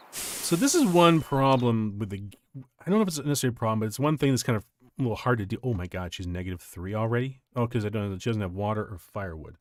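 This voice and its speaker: A male streamer telling stories in casual chat while playing a game, rambling and animated, laughing often. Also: on the low side, slight background noise.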